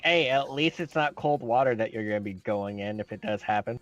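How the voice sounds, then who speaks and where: A man's voice: medium pitch, fairly quick, a bit bright, soft background music. Man game master, dull lo-fi audio. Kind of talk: running a tabletop game online.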